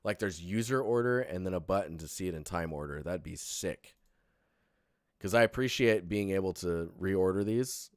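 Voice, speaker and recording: Young male streamer, very low voice, dry close sound, sleepy rambling critique. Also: normal speed, dry recording. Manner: relaxed, rambling, many fillers and restarts. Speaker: streamer reviewing portfolios. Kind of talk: casual live-stream critique.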